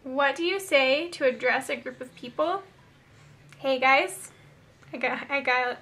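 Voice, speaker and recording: A woman's voice: high voice, a little slow, pushed and bright. A young woman chatting upbeat to her viewers in a casual vlog, reading out a word list. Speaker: beauty vlogger.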